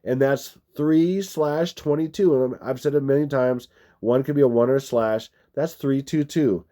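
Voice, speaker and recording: A man's voice: medium pitch, moderate pace, dark tone. A man hosting a video, rambling through number-code commentary over movie clips, meandering and repetitive with frequent restarts. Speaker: video host.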